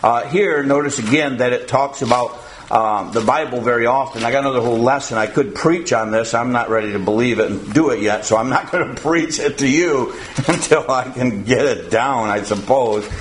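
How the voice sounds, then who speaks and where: A man preaching a sermon to his congregation in a folksy, halting way, often pausing on "uh" and chuckling. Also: medium pitch, reverberant, slight background noise, low-quality recording. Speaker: pastor.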